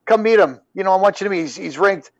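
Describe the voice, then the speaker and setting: High-voiced middle-aged man telling stories. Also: fast talker, no room sound, lo-fi sound. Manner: rambling, animated when acting out anecdotes. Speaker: former pro hockey player, guest. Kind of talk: casual storytelling chat.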